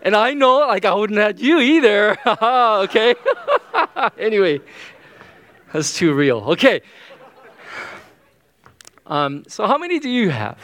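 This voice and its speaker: A man's voice: high voice, very animated, takes it slowly, long pauses, a bit bright. A man preaching a sermon as pastor, casual and joking, with frequent "okay?" asides. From United States.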